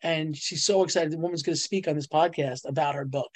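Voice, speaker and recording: A middle-aged woman, a publisher and ghostwriter, telling stories as an interview guest, laughing often and jumping up in pitch on her punchlines. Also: fast talker, a little mellow, no room sound. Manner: bubbly storyteller, laughs often, voice jumps up on punchlines. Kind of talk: animated casual interview talk.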